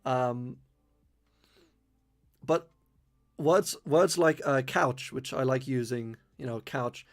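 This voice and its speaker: A young man from London, England, speaks in a mid-range voice at a slow pace, his accent mixing London speech with a slight Irish twang. He's a streamer answering viewer questions in a casual live-stream Q&A, rambling with lots of fillers while still enunciating carefully.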